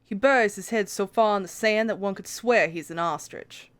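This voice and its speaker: A woman's voice: mid-range voice, normal speed, close to an everyday voice. A woman voicing a stern, weary male prime minister in a visual novel, dry and formal. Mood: cynical. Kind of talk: voice acting a game with friends.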